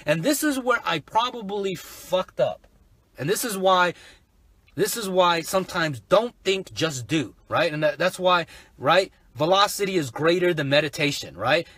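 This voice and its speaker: A man telling a casual story about a sales webinar in an animated way, often checking in with "right?". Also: sits high, a little slow, slightly rough, no room sound. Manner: animated, keeps asking "right?". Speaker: online entrepreneur.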